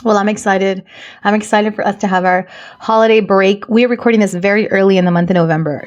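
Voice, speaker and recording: A woman's voice: medium pitch, a little mellow. A woman in her thirties hosting a podcast, chatty and upbeat, teasing her co-hosts and slipping into Spanish. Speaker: podcast co-host. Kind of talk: casual chat.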